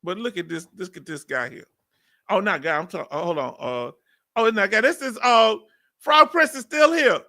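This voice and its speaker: A man's voice: high-pitched, animated, normal speed, pushed and bright. Chatty Southern man hosting a livestream. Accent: Southern US, Texas. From Texas. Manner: chatty, laughing, drawling asides. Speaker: livestream host, veteran. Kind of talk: casual live chat reading comments.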